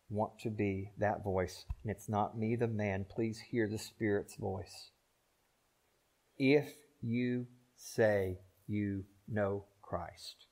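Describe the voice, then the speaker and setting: An older man preaches from the pulpit in a lowish voice. He swings between loud, emphatic declarations and quiet, pleading asides, stretching words out with long pauses. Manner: preaching with swings from loud emphatic peaks to soft low pleas, slow drawn-out pauses. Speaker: pastor. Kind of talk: sermon.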